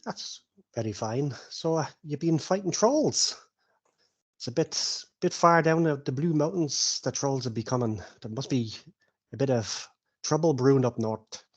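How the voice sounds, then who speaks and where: A man's voice: mid-range voice, measured pace, lightly acted. A man voicing an old, friendly male dwarf emissary with a hearty, slightly formal manner in a tabletop game.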